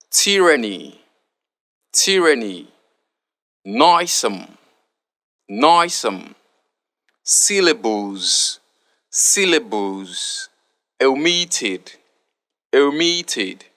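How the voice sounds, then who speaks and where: Very slow, bright-voiced male tutor. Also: mid-range voice. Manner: deliberate, says each word twice. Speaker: pronunciation tutor. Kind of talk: reading a spelling word list aloud.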